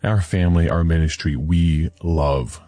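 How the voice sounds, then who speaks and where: A man's voice: low-pitched, fairly even intonation, measured pace, mellow, no echo. A man, an evangelist, earnestly introducing a broadcast sermon in a conversational, storytelling way.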